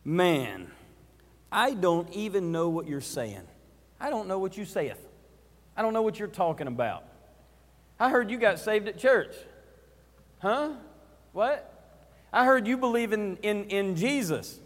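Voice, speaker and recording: A preacher putting on a flustered, defensive Peter who brushes off accusers with quick, high retorts. The voice rings through a reverberant hall. It is a sermon role with everyday acting. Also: male voice, big pitch swings.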